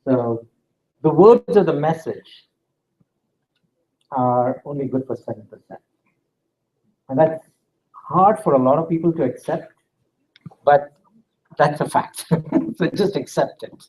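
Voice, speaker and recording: A man's voice: fairly high pitch, lo-fi sound. A man teaching a class, walking students through an exercise and drawing them in. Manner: interactive, coaxing students to take part. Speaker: instructor. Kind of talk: classroom lecture.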